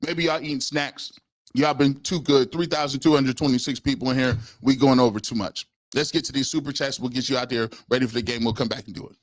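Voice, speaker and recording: A man's voice: mid-range voice, normal speed, pauses often, no room sound, studio quality. A man in his forties hosting a live sports talk stream, telling comic stories and acting out the voices of the people in them. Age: 40s. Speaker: sports talk show host.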